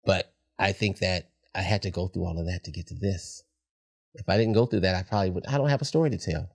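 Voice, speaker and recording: A man's voice: low voice, fast, creaky. A middle-aged man, a podcast guest, talking candidly in a reflective, heartfelt way. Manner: reflective, heartfelt, soft-spoken at times.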